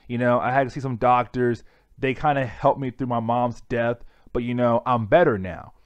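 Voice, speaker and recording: A man voicing a troubled teenage boy with a calm, reassuring, low-key manner. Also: normal speed, clear, resonant tone, dry recording, lightly acted.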